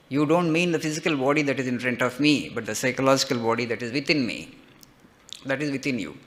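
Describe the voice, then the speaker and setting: A man's voice: mid-range voice, fairly quick, a bit bright. A man, a monk giving a spiritual discourse, retelling a legend with frequent "okay" checks and rhetorical lists.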